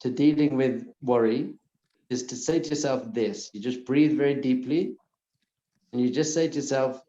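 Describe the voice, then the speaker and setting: Earnest rabbi in an echoey room. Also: male voice, medium pitch, normal speed, muffled recording. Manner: earnest, repeats soothing phrases softly. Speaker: rabbi giving a class. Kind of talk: lecture to a live audience.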